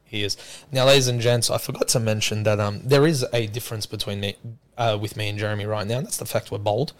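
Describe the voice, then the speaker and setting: A man hosting a casual podcast, hoarse after losing his voice, joking and lively. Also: fairly low pitch, fast talker. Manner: joking, animated storyteller. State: hoarse from lost voice. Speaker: podcast host. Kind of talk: casual chat.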